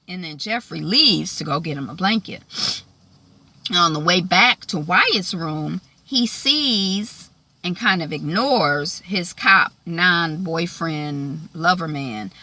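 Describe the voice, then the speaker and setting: A woman recapping a TV episode in a chatty, animated way, full of fillers. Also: fairly low pitch. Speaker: show recapper. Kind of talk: casual TV recap.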